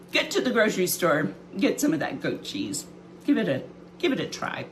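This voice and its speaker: A woman's voice: medium pitch, slight background noise. A woman hosting a children's cooking show from her kitchen, chatting homily to the kids with plenty of ums as she demonstrates. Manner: chatty, homey, talks straight to kids with many ums. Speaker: library cooking show host. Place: home kitchen.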